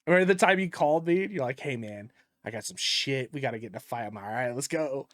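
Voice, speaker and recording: Talking at a quick pace in a medium-pitched voice, this man co-hosts a casual podcast, telling animated stories packed with profanity and frequent laughter. The studio-quality recording has no echo.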